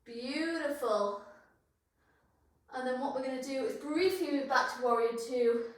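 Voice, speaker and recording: A woman's voice: high voice, a little fast, distant mic. Breathless yoga teacher woman, echoey room. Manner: encouraging, cueing poses and breaths. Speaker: yoga instructor. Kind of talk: guided yoga class instruction.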